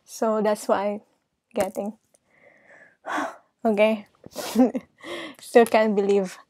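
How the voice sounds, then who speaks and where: Drawing out her words with little pitch movement, a woman with a darkish, mid-range voice reads tarot casually for the viewer, laughing frequently and reassuring them with "okay?". She gets emotional, close to tears, and there's no room sound.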